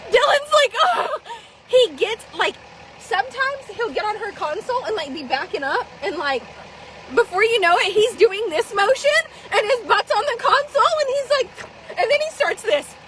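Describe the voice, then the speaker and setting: A woman vlogging live in casual chat, swearing freely and laughing often as she tells animated stories. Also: extremely high pitch, normal speed, a little hiss or hum, poor audio.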